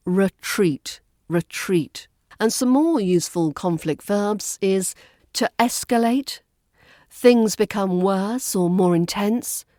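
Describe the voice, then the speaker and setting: A woman with a Southern British RP accent teaching pronunciation, calm and precise, slowly modelling words for learners to repeat. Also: mid-range voice, dry recording, clean studio sound. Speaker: accent coach. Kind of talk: pronunciation lesson.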